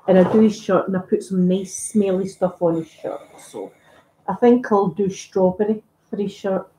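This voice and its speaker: Chatty Scottish woman, mellow voice. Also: medium pitch, lively intonation, unhurried, pauses often, slight background noise. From Scotland. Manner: chatty, rambling, self-deprecating. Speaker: ASMR YouTuber. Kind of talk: casual live-stream chat. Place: at home, ironing. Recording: echoey room.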